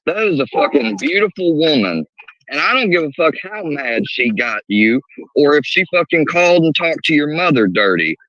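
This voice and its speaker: Muffled, lively stream host cursing. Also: male voice, on the high side, moderate pace, no echo. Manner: angry, profane and confrontational. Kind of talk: heated live stream argument. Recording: muffled lo-fi mic.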